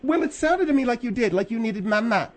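A man's voice: very high voice, expressive, a little fast, pitched above the performer's own voice. A man voicing a blunt, scolding middle-aged woman, a guest in a radio studio. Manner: blunt, mocking.

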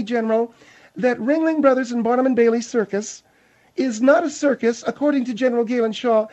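A man's voice: extremely high pitch, a little mellow, muffled recording, pitched above the performer's own voice. A man voicing a prim, fussy older woman on a radio comedy show who scolds and gets flustered. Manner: prissy, scolding, easily flustered.

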